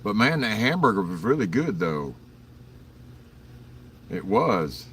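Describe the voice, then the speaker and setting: A very deep-voiced man chats through an early-morning livestream, rambling through stories with plenty of swearing and chuckles. He sits some distance from the mic, with faint vehicle noise in the background. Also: sing-song, takes it slowly, a bit bright. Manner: rambling, profane storytelling with frequent chuckles; greets viewers in chat by name. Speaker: livestream host.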